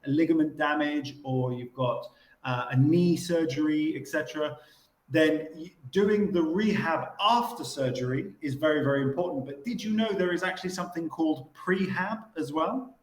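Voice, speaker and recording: A man with a somewhat high voice explains fitness training on a radio talk show. He is patient and repeats words as he thinks. His voice rings with a roomy echo. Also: normal speed.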